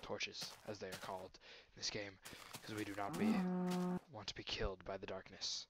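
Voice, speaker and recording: A man's voice: on the low side, flat delivery, normal speed. A young man commenting on his own gameplay in a silly, mock-grand voice, speaking to the animals and trees. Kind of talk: let's play commentary. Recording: noisy amateur recording.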